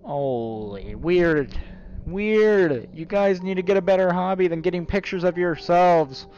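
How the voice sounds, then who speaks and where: A man's voice: high voice, moderate pace, a little mellow, lo-fi sound, soft background music. Jokey man narrating a horror game. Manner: jokey, talks to the game's portraits, yelps when startled. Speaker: gaming YouTuber. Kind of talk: horror game let's play commentary.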